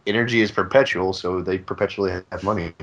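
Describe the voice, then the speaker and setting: A man's voice: low-pitched, fairly even intonation, quick pace, lo-fi sound. A man hosting a casual podcast, joking around and laughing often. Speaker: podcast host.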